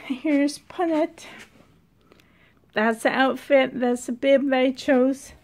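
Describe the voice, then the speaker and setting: A woman vlogging casually from a dim room at home, chatty and excitable, sometimes dropping to a whisper, filmed on a handheld camera. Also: high-pitched, takes it slowly. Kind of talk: casual vlog chat.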